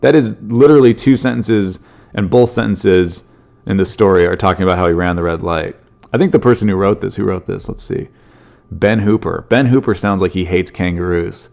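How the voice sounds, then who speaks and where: A man hosts a solo comedy podcast, riffing loosely on odd news stories. He rambles, jokes and swears freely in a somewhat low voice. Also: fairly quick, vocal fry, a little mellow. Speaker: podcast host.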